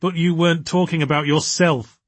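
A nervous young woman speaks up in a higher, strained voice, as a male narrator puts her on. Her lines come out tense and earnest, with a slightly husky edge in a dry, close recording. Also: fairly even intonation, brisk, no room sound, lightly acted. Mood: anxious. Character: nervous young woman, anxious but determined.

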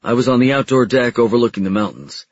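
A man's voice: medium pitch, fast, dry recording, muffled recording. A man narrating a first-person audiobook in a plain, matter-of-fact way.

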